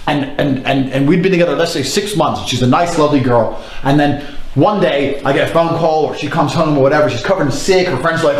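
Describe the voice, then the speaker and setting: A man's voice: a little high, a little fast, echoey room, rough recording. A man ranting bluntly and crudely, dismissive and insulting. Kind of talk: ranting monologue.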